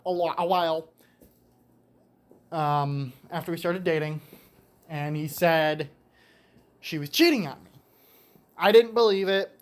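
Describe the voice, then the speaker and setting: A young man in his late teens tells a story in a casual monologue from a garage on a cold day. He rambles with restarts and casual swearing, and sounds slightly winded. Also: on the high side. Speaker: vlogger telling a story.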